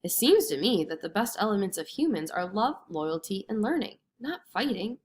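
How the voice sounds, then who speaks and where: A woman voicing a quick, slender male messenger god who speaks briskly and cheerfully, in a storybook read-aloud. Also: mid-range voice, very animated, darkish tone, close to an everyday voice. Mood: calm.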